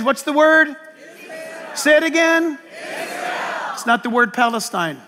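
A pastor preaches to a large auditorium in a very high, bright, forceful voice. He jokes and teases the crowd, then erupts into shouts. Long hall reverb trails each phrase. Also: a little slow, pauses often, slight background noise. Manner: animated, joking, breaks into shouts. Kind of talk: preaching a sermon.

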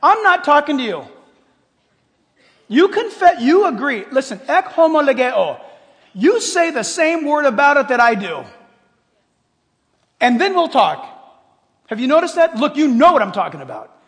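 An older male pastor with a very high voice delivers an animated sermon, jumping from loud exclamations to quiet, hushed asides. His voice rings out with a long reverb in a large hall. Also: normal speed, pauses often.

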